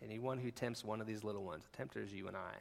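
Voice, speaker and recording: A man preaching a sermon as pastor, impassioned and conversational, swinging from hushed lines to near-shouts. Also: fairly low pitch, fast talker, gravelly. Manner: conversational, with asides and laughs.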